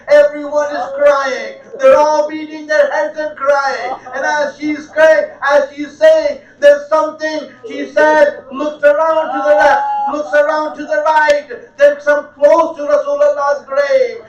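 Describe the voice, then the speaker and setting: A man narrating a mourning sermon with deep emotion, weeping and crying out as he speaks. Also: level tone, unhurried, few pauses. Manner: emotional, breaks into weeping and cries out. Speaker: majlis speaker. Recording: echoey hall, distant dull mic.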